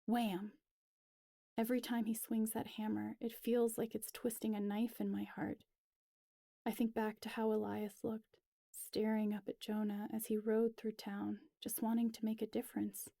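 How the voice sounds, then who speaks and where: A woman reading a first-person story aloud, slow and measured. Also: on the high side, level tone, creaky, dark tone, dry recording, studio quality. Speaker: reader.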